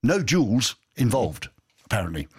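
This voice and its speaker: Man, radio host, chatty and joking, very animated pitch, dry studio sound. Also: normal speed, slightly rough, no echo. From England. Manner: chatty, jokey, reads listener messages. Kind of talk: live radio presenting with banter.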